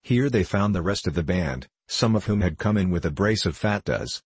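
A man reading a storybook aloud in a measured, even manner. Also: low-pitched, breathy edge, no echo. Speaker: audiobook narrator.

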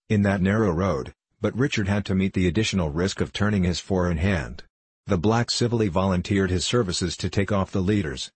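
A man narrating a classic novel in a measured, even way. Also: low-pitched, breathy edge, no room sound. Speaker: audiobook narrator.

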